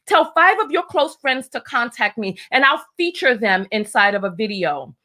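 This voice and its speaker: Woman host, fiery blunt live-stream commentator, slightly high voice, riled up. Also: big pitch swings, moderate pace, bright, forceful tone. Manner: fiery, blunt, reads viewer comments aloud. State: riled up early in the morning.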